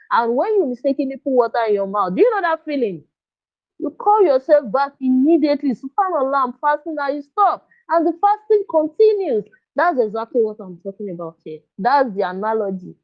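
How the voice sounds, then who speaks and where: Earnest woman coaching parents, dull lo-fi sound. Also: on the high side. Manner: earnest, coaxing, often asks "you understand?". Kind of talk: live online parenting workshop talk.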